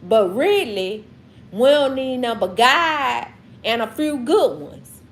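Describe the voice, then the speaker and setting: Animated Southern woman live-streaming. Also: a little high, slow. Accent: Southern US, Mississippi. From Mississippi. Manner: preachy, repetitive, emphatic. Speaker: livestream host. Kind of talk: casual livestream talk to chat.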